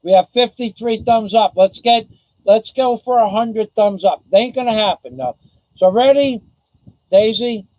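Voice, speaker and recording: A man's voice: high-pitched, lively intonation, measured pace, a little mellow, no room sound, poor audio. A man vlogging to camera in a sarcastic, rambling, taunting way. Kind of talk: casual mocking chat to camera.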